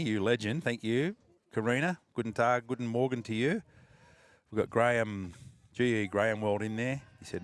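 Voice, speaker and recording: A middle-aged Australian man hosts a casual live stream outdoors, chatting and reading out viewer comments as he goes. His voice sits fairly low, and his talk is loose and rambling, with plenty of restarts. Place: outdoors at a training ground.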